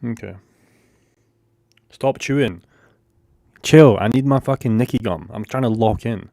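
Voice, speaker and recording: A Scottish man with a mid-range voice and measured pace hosts a casual trading livestream, recorded with no room sound. Excitable, he swears often and reads the chat aloud.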